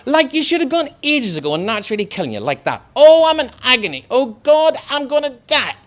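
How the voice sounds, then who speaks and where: A man voicing a melodramatic young schoolboy with a Northern Irish accent, pleading in a high, desperate whine. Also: very animated, brisk, a bit bright, full character voice. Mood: whining.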